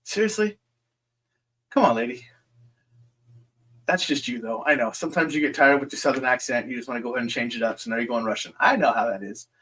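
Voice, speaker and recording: A man hosting a live question-and-answer stream. He rambles in a reassuring way, speaks straight to each viewer and fills his pauses with "um". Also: mid-range voice, bright, forceful tone, breathy edge.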